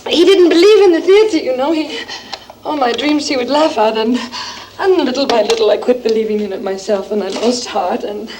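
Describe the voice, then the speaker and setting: An actress playing an exhausted, overwrought young actress in a stage play, dropping to whispers and rising to outbursts. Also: female voice, a little high, fairly quick, background noise, close to an everyday voice. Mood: despairing. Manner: breathless, shifting between whispers and outbursts.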